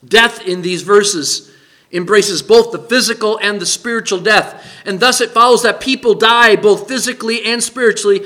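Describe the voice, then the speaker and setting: Male pastor, sermon, bright tense voice, emphatic, questions the congregation. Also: sits high, normal speed.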